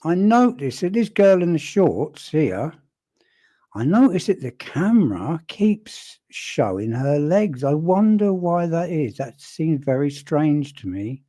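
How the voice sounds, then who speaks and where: A man casually commenting on a video clip, talking in a wry, conversational way with pauses and restarts. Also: fairly high pitch, big pitch swings, dark tone, dry recording.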